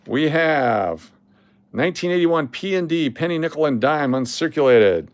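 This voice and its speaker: A man's voice: fairly high pitch, expressive, normal speed, no room sound. Sarcastic man hosting a livestream. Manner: blunt, sarcastic, swears casually. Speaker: livestream host. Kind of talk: casual livestream chat.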